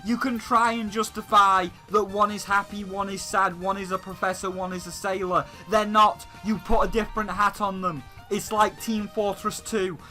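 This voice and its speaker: A man's voice: sits high, sharp tone, low-quality recording. A man hosting a gaming channel, delivering a heated, profanity-laced rant that hammers the same points again and again. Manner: heated, swearing, repetitive ranting. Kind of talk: profane video game rant.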